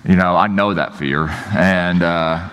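A man's voice: low-pitched, fairly even intonation, slow, a bit bright, a little hiss or hum. A man preaching a sermon as pastor, telling stories in a casual, joking way and often saying "you know, like". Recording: long hall reverb.

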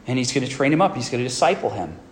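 A male pastor giving an earnest sermon who often checks in with a quick "right?". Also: mid-range voice, big pitch swings, slight background noise.

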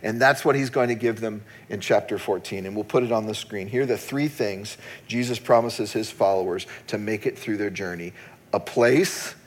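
A man's voice: fairly low pitch, normal speed. A middle-aged man, a pastor, preaching a sermon and telling a personal story in a candid, self-deprecating way, often laughing at himself.

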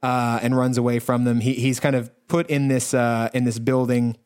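A man's voice: medium pitch, level tone, moderate pace, darkish tone, clean tone. A man co-hosting a podcast, recapping a film in a casual, rambling, profane way, full of fillers and restarts. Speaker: podcast co-host. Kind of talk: casual movie-recap chat.

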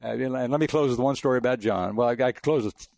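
A man's voice: mid-range voice, quick pace, creaky, darkish tone, dry recording, clean studio sound. An older man from El Paso, a veteran sportswriter, telling rambling stories in a chatty way with frequent restarts. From El Paso, Texas. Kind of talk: casual storytelling interview.

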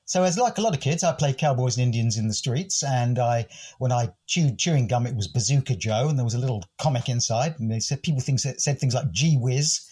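A man's voice: medium pitch, a little fast, mellow, breathy edge. An older man from the United Kingdom, a podcast host and interview guest, musing thoughtfully and quoting poets. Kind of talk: reflective interview talk.

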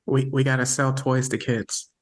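A man's voice: mid-range voice, flat delivery, normal speed. A man co-hosting a podcast, giving short, laid-back replies and introducing segments. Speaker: podcast co-host. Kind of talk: casual podcast chat.

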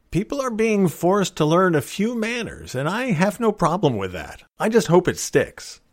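A man's voice: medium pitch, no echo, studio quality. A middle-aged man hosting a solo podcast, talking in a folksy, opinionated and wry way. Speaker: podcast host.

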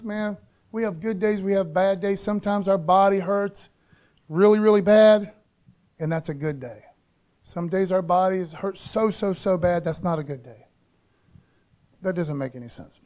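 A man's voice: high-pitched, darkish tone. A man preaching a casual, slangy sermon, peppering his talk with "man" and "you know". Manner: laid-back slangy preaching, says "man" often. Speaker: pastor.

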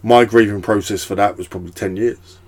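A man's voice: on the low side, steady tone, fairly quick, a little mellow. A young man hosting a podcast, chatting casually in a rambling way with lots of fillers and swearing. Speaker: podcast host. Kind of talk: casual chat.

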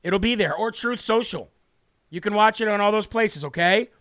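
A man's voice: high-pitched, moderate pace, fairly bright tone, dry recording, studio quality. A man hosting a live political talk show, brash and combative, with mocking asides to viewers. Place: home studio.

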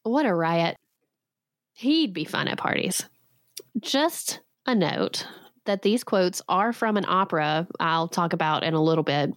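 A woman's voice: on the low side, animated, measured pace, no echo, studio quality. A woman in her thirties hosting a podcast, retelling a legend with sarcastic comic asides and frequent laughs. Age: 30s. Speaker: podcast host.

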